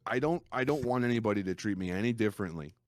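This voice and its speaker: A man with a distinctive deep voice, a guest streamer telling stories in a casual podcast chat. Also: quick pace, no echo, clean studio sound. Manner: storytelling, animated retelling.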